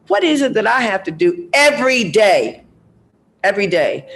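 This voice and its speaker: An older woman giving a public talk as guest speaker, telling personal stories bluntly and animatedly, with frank profanity. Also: medium pitch.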